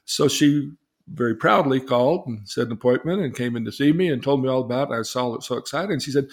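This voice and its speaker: A man, a therapist, telling a client's story in casual conversation and acting out the quoted lines. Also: quick pace. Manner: animated, acts out quoted dialogue with rising pitch. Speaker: therapist, podcast host.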